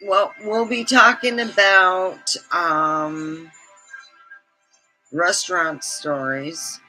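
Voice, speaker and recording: Slow-talking chatty woman host. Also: medium pitch, pushed and bright, rough recording. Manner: chatty, laughs often, acts out quotes. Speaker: livestream host. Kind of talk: casual storytelling.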